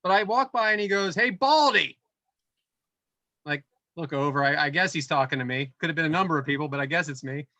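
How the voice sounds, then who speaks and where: A middle-aged man co-hosting a podcast, telling a casual story with animated build-ups and voiced quotes. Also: on the high side, fast talker, dry recording. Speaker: podcast co-host.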